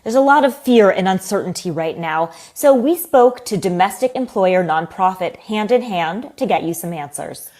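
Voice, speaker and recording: A woman narrates a short newspaper explainer video. She reads scripted advice in an even, steady tone. Her voice sits at a middle pitch for a woman. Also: moderate pace, few pauses. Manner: even, advisory delivery.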